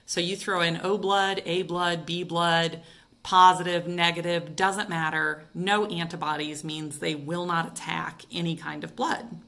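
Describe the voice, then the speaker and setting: Bright-voiced woman explaining science. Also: fairly low pitch, steady tone, measured pace. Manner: chatty, conversational explaining with rhetorical questions. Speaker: science teacher. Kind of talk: casual explainer lesson.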